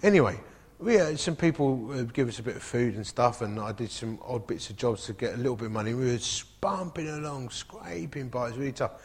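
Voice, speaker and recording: A man's voice: mid-range voice, fairly quick, breathy edge. A man preaching in a storytelling sermon style, full of comic asides. His voice carries a long reverb, as though recorded in a large hall. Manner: animated anecdotal, comic asides. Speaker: pastor. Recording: echoey hall.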